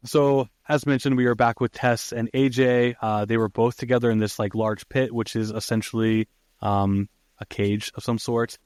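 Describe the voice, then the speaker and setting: A man's voice: medium pitch, level tone, moderate pace, darkish tone, smooth, dry recording. A man hosting a podcast, recapping a film in a casual, laid-back way with lots of ums and uhs. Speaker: podcast host.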